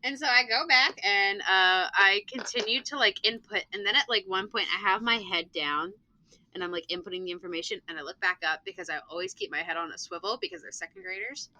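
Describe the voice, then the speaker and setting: A woman who teaches school, telling a lively anecdote in casual chat, full of "like" fillers. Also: mid-range voice, fairly quick, no echo, rough recording. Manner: animated storyteller, many "like" fillers. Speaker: teacher and tabletop game player.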